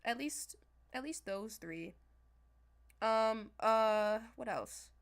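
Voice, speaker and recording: A young woman chatting casually on a livestream as a manifestation coach, talking straight to her viewers in a loose, animated way. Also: a little high, very slow, creaky. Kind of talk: casual livestream talk to chat.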